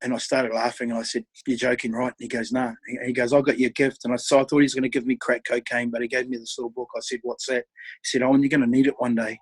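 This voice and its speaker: A man's voice: medium pitch, little pitch movement, fast, husky, rough recording. A middle-aged man, a podcast guest earnestly telling his life story and acting out past conversations. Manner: earnest storytelling with quoted dialogue, often dropping quiet.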